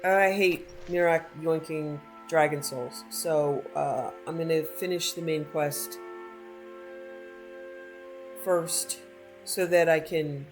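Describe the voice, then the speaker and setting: A woman's voice: deep voice, fairly even intonation, takes it slowly, long pauses, a little mellow, soft background music. A woman giving casual, snarky commentary over her game, playfully talking back to the characters. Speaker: gamer streaming a playthrough.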